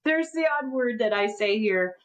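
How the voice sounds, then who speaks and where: A woman's voice: a little high, expressive, normal speed, rough recording. Chatty middle-aged Canadian woman. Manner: chatty, tells rambling everyday stories. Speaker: podcast co-host. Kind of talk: casual chat.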